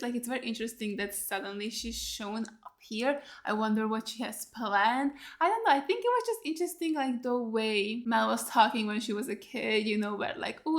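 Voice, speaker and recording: A woman hosting a reaction video, talking in a casual, excitable way and swearing freely as she comments. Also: fairly high pitch.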